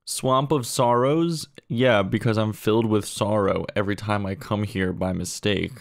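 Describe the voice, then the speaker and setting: A man doing a comedy monologue of pun roasts in a deadpan way, dropping lower and quieter for each punchline. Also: normal speed, creaky.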